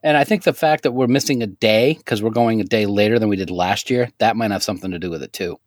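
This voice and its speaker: A man's voice: fairly low pitch, fast, no echo, studio quality. A man co-hosting a podcast, self-deprecating and jokey in casual banter. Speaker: podcast co-host.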